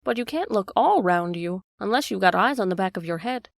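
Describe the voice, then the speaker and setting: A woman's voice: mid-range voice, animated, a little fast, creaky, dry recording, clean studio sound. A woman voicing a curt old female sheep who keeps a shop, in a storybook reading.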